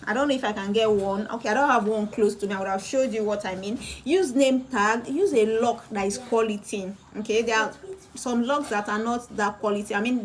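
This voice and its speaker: A woman, a bag-making instructor giving a live-streamed sewing tutorial, chatty and repeating phrases for emphasis. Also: medium pitch. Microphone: phone or camera on a live video.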